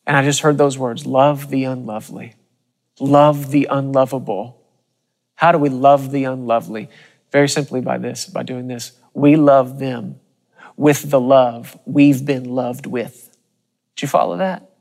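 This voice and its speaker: A man preaching a broadcast sermon with passion, repeating phrases and slowing down to stress key lines. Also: medium pitch, fairly even intonation, vocal fry, big-room sound. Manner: impassioned, repeats phrases, slows for emphasis.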